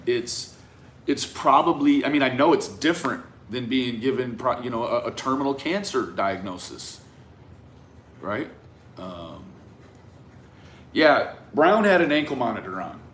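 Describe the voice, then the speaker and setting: A man talking through a case in a reflective, conversational monologue, often tagging his points with a questioning "right?" and trailing off into quiet asides. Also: medium pitch, lively intonation, measured pace, a little hiss or hum. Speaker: commentator on a true-crime case. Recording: roomy echo with faint ambience.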